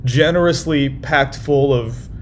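A man's voice: medium pitch, slow pace, slight background noise. A young man hosting a casual reaction video, rambling wryly and restarting his sentences, recorded in a hotel room. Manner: rambling and wry, with lots of restarts. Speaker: YouTube reaction host. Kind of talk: casual chat.

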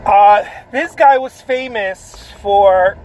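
A man's voice: high voice, slow pace, darkish tone, lo-fi sound, slight background noise. A man, an artist, chatting casually about art, rambling, repeating himself and tagging lines with "right?". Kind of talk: casual vlog talk.

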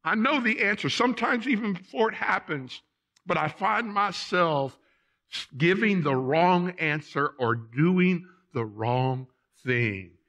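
A male pastor preaching a Sunday sermon in a church, plain-spoken and folksy, swinging from loud emphasis to quiet asides. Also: high-pitched, animated, slow pace, highs cut off. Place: church sanctuary.

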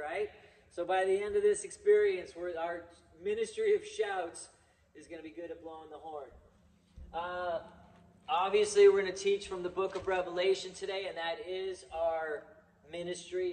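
A man's voice: high voice, a little mellow. A man from California hosting a casual, rambling Bible teaching session and swearing freely. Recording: echoey room, mic far off.

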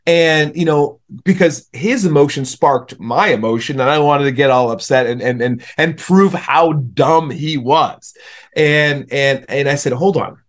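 A man's voice: on the high side, a little slow. A young man, a podcast guest, telling stories in casual conversation and acting out the people he quotes. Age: young adult. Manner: storytelling, animated when quoting others.

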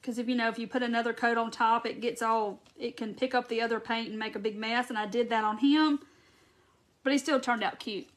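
High-pitched chatty woman. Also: steady tone. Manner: chatty, drawn-out Southern "y'all" talk, greets viewers by name. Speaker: crafting livestream host. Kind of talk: casual live crafting chat. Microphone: phone or camera mic on a livestream.

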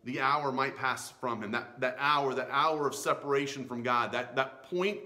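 A man's voice: mid-range voice, moderate pace, bright, forceful tone. A man in his thirties preaching to a youth group, earnest and pleading, often restarting his words. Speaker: youth pastor. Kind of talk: sermon. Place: church in Florida.

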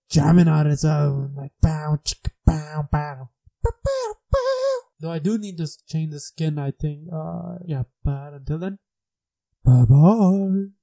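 Casual gaming commentator, mid-pitched and mellow, mocks themself, squeals when surprised. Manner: self-mocking, laughing, squeals in high pitch when surprised; scats beatbox sounds along with the game. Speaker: gamer and channel host.

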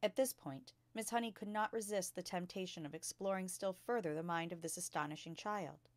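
A woman reading a children's book aloud as a storyteller, narrating calmly and clearly. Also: on the low side, brisk, no echo.

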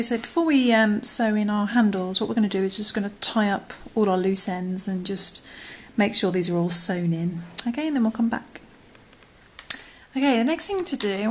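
A British woman hosting a crochet tutorial, talking casually through each step and sometimes dropping to a murmur as she works. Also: medium pitch. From United Kingdom. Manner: chatty, often trailing into murmurs and whispers while working.

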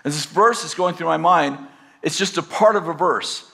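A man's voice: fairly high pitch, moderate pace, gravelly, bright, forceful tone. Chatty man telling a story from the pulpit. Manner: conversational, rambling, self-deprecating humor. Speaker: pastor. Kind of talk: storytelling sermon to a live audience. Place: campus teaching session.

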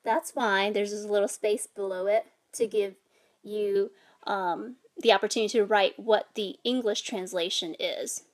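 A woman teaching a language lesson, patiently explaining and sounding out vowels and tones. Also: fairly high pitch. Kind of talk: instructional explanation.

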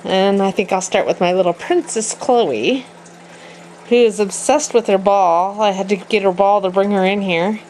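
A woman filming her pets at home in casual narration, talking to them in high sing-song baby talk. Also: moderate pace, darkish tone, a little hiss or hum, rough recording.

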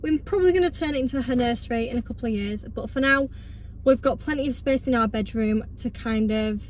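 A woman's voice: a little high, slight background noise. A pregnant woman chatting casually to camera at home, gushing and cooing to her toddler. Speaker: vlogger and mother.

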